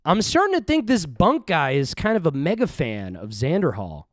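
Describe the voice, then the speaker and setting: Rambling profane streamer with a lively voice. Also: male voice, a little high, moderate pace, no room sound, studio quality. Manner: rambling, profane, jumps between topics. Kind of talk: casual livestream commentary.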